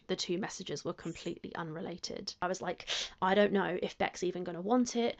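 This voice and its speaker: Woman, gravelly voice, self-justifying talk to camera, muffled clip sound. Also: fairly low pitch. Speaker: youtuber being reacted to. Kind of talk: explaining to camera.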